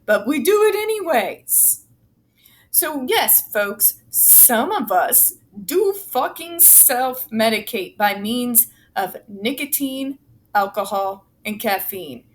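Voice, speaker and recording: A woman's voice: fairly high pitch, lively intonation, takes it slowly. Blunt, furious woman swearing through commentary. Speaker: autistic advocate commentator. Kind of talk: angry commentary reading a report aloud.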